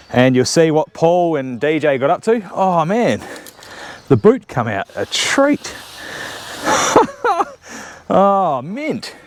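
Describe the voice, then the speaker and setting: A man's voice: fairly high pitch, smooth. Chatty, teasing Australian man. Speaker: channel host. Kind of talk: casual chat while working on a car. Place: home shed workshop.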